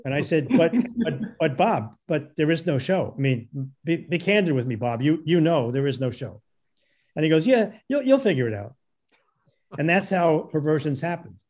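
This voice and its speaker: A man's voice: on the high side, expressive, normal speed, a little mellow. A man telling a long anecdote in casual talk, stammering and repeating words as he acts out what others said. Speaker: guest storyteller.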